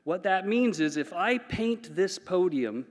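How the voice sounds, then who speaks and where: Brief: male psychologist speaker, somewhat high voice, animated and playful, mic'd in a reverberant conference hall. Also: measured pace. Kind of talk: conference talk.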